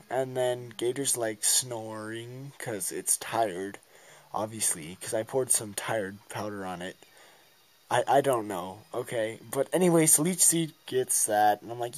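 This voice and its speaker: A man's voice: mid-range voice, a little mellow, no echo. A man casually narrating his turn-by-turn game battle in a goofy, rambling way, acting out his own reactions.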